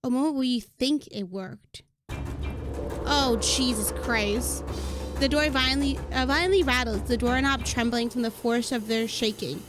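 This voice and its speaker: A woman streaming a horror game, reading its text aloud and reacting dramatically with frequent swearing, with game music playing behind. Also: measured pace. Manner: dramatic, swearing, jumps high when flustered.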